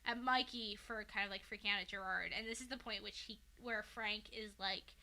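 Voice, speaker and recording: A woman's voice: mid-range voice, steady tone, a little fast, sharp tone. A woman hosting a podcast, casually retelling a story in a rambling way, with lots of fillers and swearing. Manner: rambling, full of "like" and "um", swears freely. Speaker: podcast host. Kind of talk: casual recap of a fan fiction.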